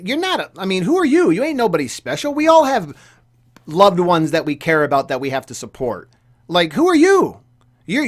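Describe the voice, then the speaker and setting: A young man delivering a casual commentary rant, heated and repetitive, with frequent stammering restarts. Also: high-pitched. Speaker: gaming YouTuber commentator.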